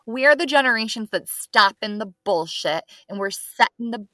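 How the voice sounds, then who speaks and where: An upbeat woman in her thirties co-hosts a casual podcast chat and steers it from one segment to the next. Her voice is bright and clear-toned. The recording is dry and close. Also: fairly high pitch, lively intonation, normal speed, no echo. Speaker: podcast co-host.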